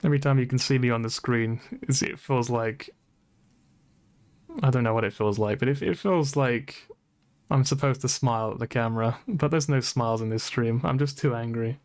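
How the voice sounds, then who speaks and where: A man's voice: medium pitch, moderate pace. Swearing man streaming a game. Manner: frustrated, swearing a lot, laughing at himself. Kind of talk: casual gameplay commentary. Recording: game music playing behind. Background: game music.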